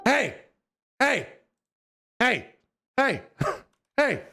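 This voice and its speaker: A man live-streaming and chatting casually with viewers, his voice worn and hoarse, laughing often and bursting out loudly. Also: very high voice, wildly swooping pitch, drawn-out words, over music. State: voice going, hoarse.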